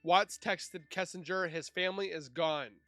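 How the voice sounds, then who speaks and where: A man's voice: high-pitched, measured pace, bright, forceful tone, dry recording, soft background music. A man reading through a case timeline and breaking in with sarcastic, scornful asides in casual commentary. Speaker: true crime YouTuber.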